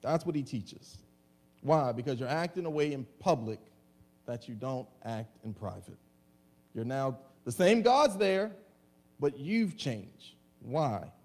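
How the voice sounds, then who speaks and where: A male pastor delivering a lively, humorous sermon to a congregation, acting out comic voices. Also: medium pitch, slow. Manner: animated preaching with comic voices and laughter.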